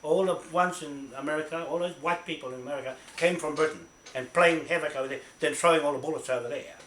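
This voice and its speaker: A man's voice: a little high, fast, a bit bright. Angry, swearing New man in an echoey room. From New Zealand. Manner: angry, profane, repetitive, keeps asking "right?". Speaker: self-recorded complainant. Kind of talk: ranting self-made video. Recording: echoey room with faint noise.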